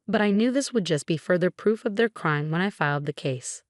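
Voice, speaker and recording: A woman narrating a first-person story in a steady, matter-of-fact way. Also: fairly low pitch, a little fast, dry recording, clean studio sound.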